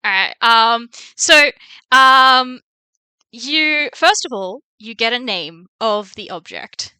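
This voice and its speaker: A woman narrates as game master for a tabletop game over a voice call. Her voice is bright and smooth, and she talks slowly, pausing on ums. The sound is dry and close. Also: a little high, animated, no room sound. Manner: hesitant, many ums, laughs often.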